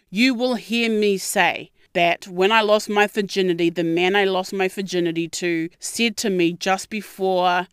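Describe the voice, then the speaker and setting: The speaker is a young adult podcast host recounting her own story in a casual monologue, candid and expressive, with plenty of swearing and quotes she acts out. Her medium-pitched voice has a clean tone, and the studio-quality recording has no echo.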